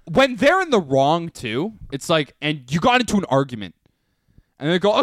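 A young man chatting on a comedy podcast, his pitch swinging up and down as he jokes and laughs. He often acts out the other side of an argument. The sound is dry and close. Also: big pitch swings, normal speed, fairly bright tone, no room sound. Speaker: podcast co-host. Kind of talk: casual comedic chat.

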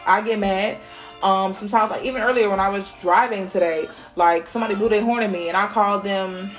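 A woman's voice: medium pitch, fairly even intonation, fairly quick, faint music behind. A woman hosting a podcast, giving a casual spiritual pep talk in a blunt, profane way. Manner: blunt and profane, swears freely. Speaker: podcast host.

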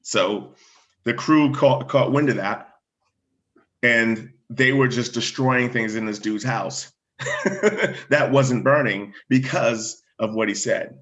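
A man who works as a fire chief, telling a personal story in animated conversation, often restarting words. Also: mid-range voice, slow, muffled recording.

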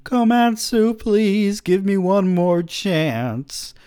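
A man voicing a desperate heavyset schoolboy who yells a high, strained plea. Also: expressive, extremely slow, clear, resonant tone, exaggerated voice. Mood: pleading.

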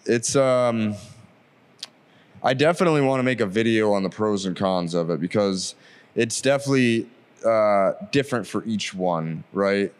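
Speaking at a moderate pace with a low-leaning, clean-toned voice, a young man who works as a delivery driver recounts a story. He's relaxed yet animated, performing each line of dialogue as he quotes it.

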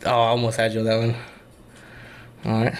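A man in his thirties trading dad jokes in a casual chat, with a slow, drawn-out delivery and hesitant ums between jokes. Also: fairly low pitch, monotone, a little hiss or hum. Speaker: joke teller in a try-not-to-laugh game. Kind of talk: casual joke swapping.

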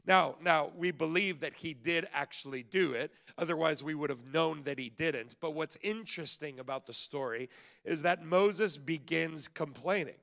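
A man pastor delivers a sermon at a church service. He talks in a lively, conversational way and often stammers into restarts. His voice is high and bright, with a gravelly rasp. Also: normal speed.

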